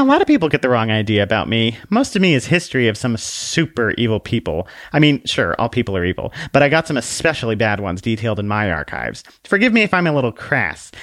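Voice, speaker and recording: A man's voice: mid-range voice, a bit bright, no room sound, studio quality. A man voicing a sassy, condescending little female book who lectures bluntly.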